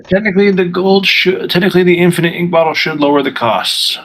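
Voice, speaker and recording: A man running a tabletop game as game master, playful and quick to laugh. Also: high voice. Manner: laughs often, playful and animated.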